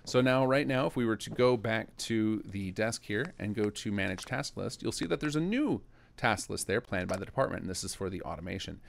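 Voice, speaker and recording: A man's voice: fairly low pitch, animated, brisk, gravelly, slight background noise. A man who develops a game mod walks through its new features in a casual, explanatory screen-recorded tutorial, thinking aloud as he clicks through menus.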